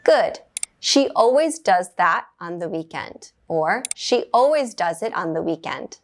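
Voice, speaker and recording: A woman giving a scripted English grammar lesson for beginners, speaking clearly and measuredly, with bright praise between exercises. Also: fairly low pitch, expressive, measured pace. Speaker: English teacher.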